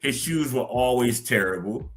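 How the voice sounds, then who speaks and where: A middle-aged man, a guest on a podcast, chatting casually and haltingly with frequent fillers. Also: medium pitch, animated, soft background music. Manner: halting, lots of "you know" fillers. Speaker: guest, former cadet. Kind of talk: casual interview chat.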